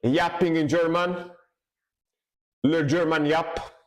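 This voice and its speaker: A man's voice: on the high side, takes it slowly. A man streaming live music reactions, musing aloud, fumbling over foreign words and cheering the riffs. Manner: excited exclamations over the music.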